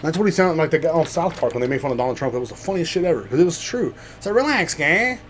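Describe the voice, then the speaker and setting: A man rants on his own podcast, rambling and swearing freely. His pitch swings widely as he gets heated and sarcastic, with a faint hiss of noise under the voice. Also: lively intonation, rapid-fire, darkish tone. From Central Texas, USA. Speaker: podcast host. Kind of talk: casual ranting monologue.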